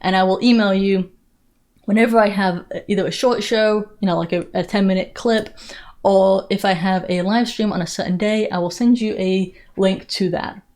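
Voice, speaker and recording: A woman with a blended English and American Southern accent runs a live political commentary stream in a middle-pitched voice. She talks in a sarcastic, mocking way, often restarting her sentences as she answers viewer questions. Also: steady tone, normal speed, a little mellow. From England.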